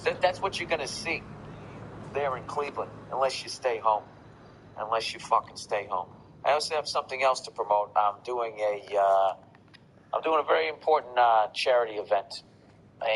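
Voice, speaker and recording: A man's voice: mid-range voice, a bit bright, a little hiss or hum, poor audio. A man hosting a comedy podcast, rambling through promos with profanity, sarcasm and constant self-interruptions. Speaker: podcast host and stand-up comedian.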